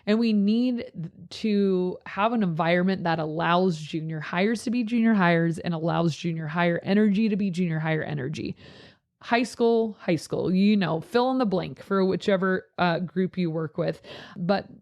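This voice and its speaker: A woman youth pastor chatting casually, telling lively stories and jumping into high voices when she quotes people. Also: normal speed, highs cut off. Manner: animated storyteller, jumps into high voices when quoting others. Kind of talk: casual podcast chat.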